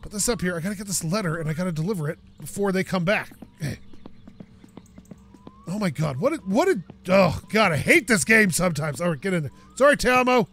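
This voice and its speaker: High-voiced excitable gamer man. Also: a little fast, gravelly. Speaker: let's play host. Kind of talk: casual gameplay commentary. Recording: game engine noise under voice.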